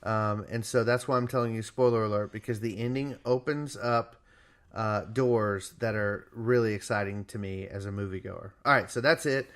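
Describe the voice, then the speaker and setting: A man's voice: on the low side, steady tone, normal speed, a bit bright. A man co-hosting a podcast, casually reviewing a movie with enthusiasm and some teasing. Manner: enthusiastic, teasing, explains plot details. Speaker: podcast co-host.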